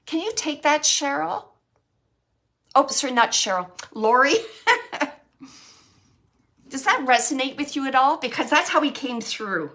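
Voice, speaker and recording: A woman's voice: sits high, animated, measured pace, pauses often, pushed and bright. A woman working as a psychic medium, chatting to an online audience, laughing often and relaying messages she says she hears.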